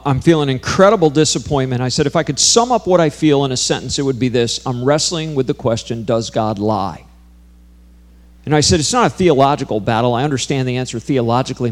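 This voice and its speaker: A man preaching a sermon, telling a personal story in an earnest way that builds to intense, emphatic peaks. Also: medium pitch.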